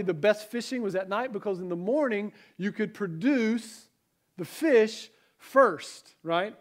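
A man with a Southern American accent preaching a conversational Sunday sermon, reading scripture and asking the congregation questions. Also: sits high. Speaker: pastor.

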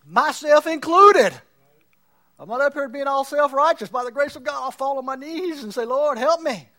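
Very high-voiced preaching pastor. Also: male voice, moderate pace, pushed and bright. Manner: preaching, mocking quotes of others. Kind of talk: sermon.

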